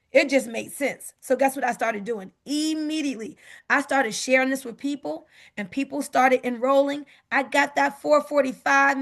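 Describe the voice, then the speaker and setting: A woman making an upbeat sales pitch on a video call, often asking "guess what". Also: creaky, fairly bright tone.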